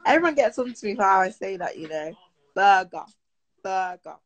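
A woman's voice: medium pitch, sing-song, fast, husky, rough recording. A teenage girl from Britain, chatting casually on a live stream and answering viewer comments aloud.

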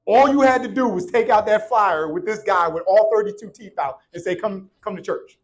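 A man in his thirties preaching a sermon, joking with the congregation and swinging from shouts to hushed, quiet lines. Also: high-pitched, brisk, low-quality recording.

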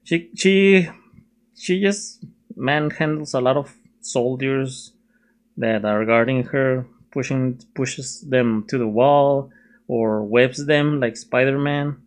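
A man's voice: mid-range voice, slow pace. A young man casually reviewing a film while sketching at his desk, chatty and self-mocking, laughing often. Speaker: video reviewer.

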